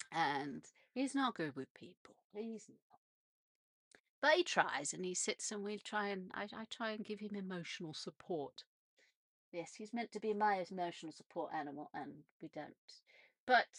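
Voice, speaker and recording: A woman's voice: lowish voice, fairly bright tone, no room sound, clean studio sound. A British woman hosting a casual radio monologue from a narrowboat, chatty and meandering, with frequent restarts and little laughs. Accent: British English. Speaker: radio show host. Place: narrowboat on a canal.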